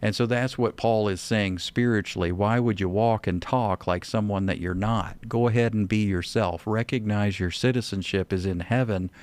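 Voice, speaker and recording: A man's voice: lowish voice, steady tone, normal speed, few pauses, darkish tone. A man with a Texan accent, hosting a show and answering a listener's question about scripture in an earnest, step-by-step way. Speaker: Bible teacher and radio show host.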